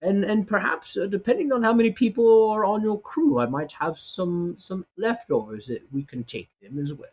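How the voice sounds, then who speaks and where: A man's voice: high voice, expressive, moderate pace, few pauses, a little mellow, husky, lo-fi sound, voice pushed up, full character voice. A man voicing an elderly, kindly male cook who stammers and repeats himself eagerly.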